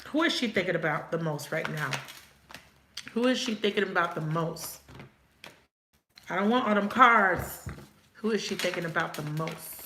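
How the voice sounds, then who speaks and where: A woman's voice: lowish voice, roomy sound, noisy background. A woman reading tarot cards in a casual live chat, swearing now and then and laughing often as she talks to viewers. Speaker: tarot reader.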